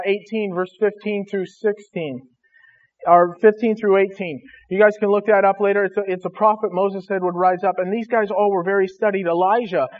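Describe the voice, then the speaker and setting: A man's voice: sits high, lo-fi sound. A man preaching a sermon, earnest and conversational, speaking directly to his congregation. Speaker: pastor.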